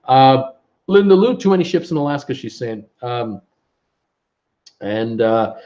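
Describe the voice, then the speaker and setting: A man's voice: mid-range voice, lively intonation, a little slow, mellow. Casual man reading live chat, lo-fi. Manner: reads viewer comments aloud with many fillers. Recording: dull lo-fi stream audio.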